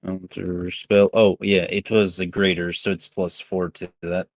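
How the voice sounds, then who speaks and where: A man's voice: deep voice, little pitch movement, a little slow, no echo. A man playing a tabletop game, talking through the rules at length. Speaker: player.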